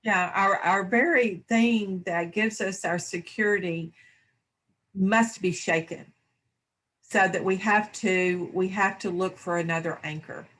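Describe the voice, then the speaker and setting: A woman speaking in a reflective spiritual discussion, slow and thoughtful. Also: mid-range voice, fairly even intonation, fairly bright tone. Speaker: discussion panelist.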